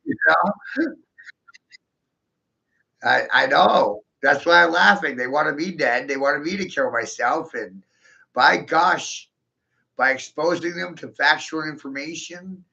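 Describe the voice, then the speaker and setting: A man's voice: fairly high pitch, measured pace, gravelly, sharp tone, lo-fi sound. A man in a rambling monologue, boastful and taunting, swearing crudely and laughing often.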